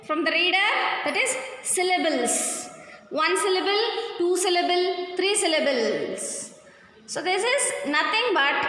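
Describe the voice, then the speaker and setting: Woman teacher, Kannada accent, high pitched, bright voice, very echoey room, long reverb. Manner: explains step by step, mixing in Kannada; spells out syllables slowly. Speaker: school English teacher. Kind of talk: classroom lesson explanation.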